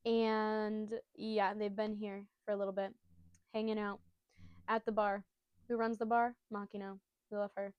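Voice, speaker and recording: A woman's voice: mid-range voice, flat delivery, unhurried, clean tone, dry recording, muffled recording. A woman casually retelling a comic chapter, bubbly and rambling, full of jokey asides. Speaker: storyteller recapping a manga.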